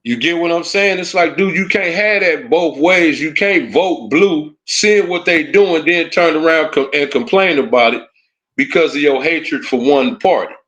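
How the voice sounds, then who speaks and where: A man's voice: fairly high pitch, a little slow, fairly bright tone. Heated man ranting on a livestream. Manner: heated, taunting, repeats "you know what I'm saying" and "huh". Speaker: livestream commentator. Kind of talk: casual livestream rant.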